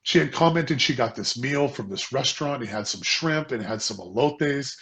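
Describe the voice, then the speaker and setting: A man's voice: medium pitch, lively intonation, normal speed, a bit bright. A man co-hosting a casual business chat, telling a personal story in an earnest way and often repeating words. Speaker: co-host.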